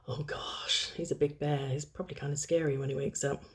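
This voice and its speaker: A young woman host reading a children's storybook aloud with gentle, chatty asides to the kids. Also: low voice, little pitch movement, fairly quick.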